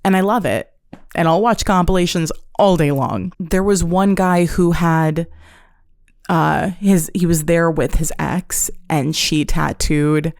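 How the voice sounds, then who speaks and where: A woman's voice: lowish voice, creaky, darkish tone, no echo, clean studio sound. A woman hosting a solo podcast, recapping a show in a profane, sarcastic, joking way. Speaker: podcast host. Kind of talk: casual solo podcast storytelling.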